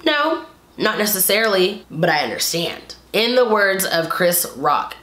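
A woman's voice: medium pitch, very animated, a little slow, a bit bright, reverberant. A woman giving casual commentary in a vlog, talking emphatically and repeating her points for stress. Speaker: video commentator.

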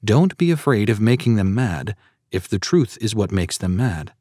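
A man's voice: lowish voice, big pitch swings, normal speed, a little mellow, no echo, studio quality. A man narrating a sermon audiobook in an earnest, preaching tone and citing scripture verses.

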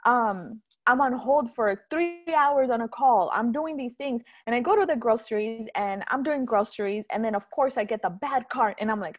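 A woman giving a candid, animated testimony in a sermon, earnest and addressing the congregation directly. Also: on the high side, normal speed, hardly any pauses. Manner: candid, animated storytelling with rising exclamations. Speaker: church speaker.

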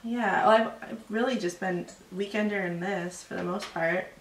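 A woman in her thirties, co-hosting a casual knitting podcast, chatty and quick to laugh, still a little sick. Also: medium pitch, fairly even intonation, distant mic, a little hiss or hum. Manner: chatty, laughing, self-deprecating. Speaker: podcast co-host. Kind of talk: casual chat about knitting. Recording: roomy echo, voice a bit off-mic.

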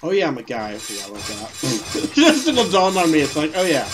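A man doing let's play commentary who gets frustrated, swears and yells at the game. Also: on the high side, wildly swooping pitch, a little fast. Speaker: gameplay commentator. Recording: game music behind the voice.

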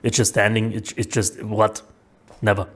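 Excitable, stammering male streamer. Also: fairly low pitch, normal speed. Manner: excitable, swearing, stammering restarts. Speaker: streamer reacting to videos. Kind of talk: casual live-stream reaction.

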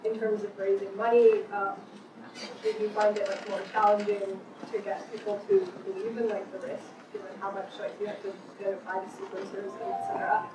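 A woman's voice: medium pitch, little pitch movement, brisk. Hesitant woman audience member, far off in echoey hall. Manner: hesitant, many "um" and "like". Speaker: audience member asking a question. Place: audience seat in lecture hall. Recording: distant, echoey, noisy hall.

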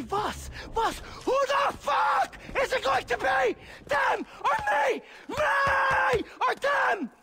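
An actor playing an unhinged, volatile male pirate warlord in a video game cutscene, mocking and menacing, swinging from soft coaxing to explosive shouting. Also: very high-pitched, exaggerated voice. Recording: noisy game audio with roomy reverb.

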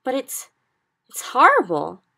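A woman's voice: high voice, wildly swooping pitch, slow, gravelly, sharp tone, pitched above the performer's own voice, full character voice. A woman voicing an earnest, worried young girl in a story. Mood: alarmed.

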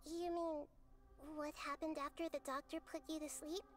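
A woman voicing a gentle girlish goddess. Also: high-pitched, flat delivery, normal speed, natural voice. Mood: calm. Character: small wise girlish goddess, gentle and calm. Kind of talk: game voice acting.

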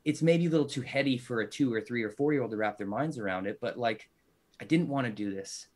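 A man in his thirties, a father and guest author, chatting casually on a podcast and telling stories in a lively, animated way. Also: medium pitch, quick pace. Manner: animated storyteller.

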